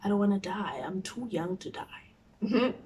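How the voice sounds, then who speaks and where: A South African woman telling a personal story on her vlog, animated, dropping to a whisper when she quotes her own thoughts. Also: medium pitch, moderate pace, a little hiss or hum, rough recording. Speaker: YouTuber.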